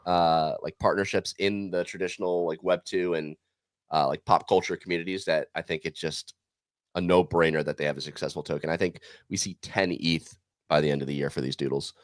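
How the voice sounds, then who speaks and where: A man's voice: low voice, fairly even intonation, dry recording. A man hosting a casual podcast, running through a prediction game in an upbeat, chatty way. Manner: upbeat, runs a prediction game with quick asides. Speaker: podcast host.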